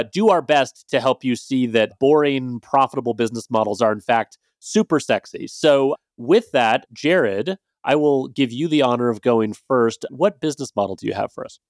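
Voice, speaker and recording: A man's voice: medium pitch, normal speed, darkish tone, dry recording, clean studio sound. A man hosting a podcast in a casual, chatty way, with loose phrasing and hedging fillers. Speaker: podcast host.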